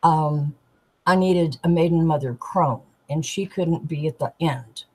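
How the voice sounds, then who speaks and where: A woman, a tarot deck artist, chatting as a guest and telling animated stories, acting out the people she quotes. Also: low voice, a little slow, slightly rough, rough recording. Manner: animated storyteller, giggly, acts out quoted voices. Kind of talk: casual storytelling chat.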